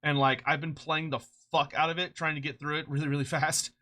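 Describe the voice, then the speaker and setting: A streamer chatting casually on a live stream, excitable and rambling, swearing freely and laughing often, short on sleep. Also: mid-range voice, a little fast. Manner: rambling with frequent restarts.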